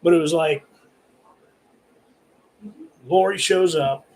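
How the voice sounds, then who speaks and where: A man's voice: fairly high pitch, slow pace, darkish tone, poor audio. Profane, rambling man reviewing horror films. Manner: heavily profane, rambling, filler-laden. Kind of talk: rambling casual rant to camera. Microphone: camera recording himself.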